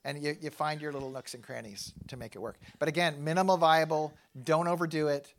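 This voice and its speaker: A middle-aged man giving a casual, animated sermon to a live church audience, self-deprecating and thinking aloud with frequent restarts. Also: a little high, brisk. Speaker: pastor.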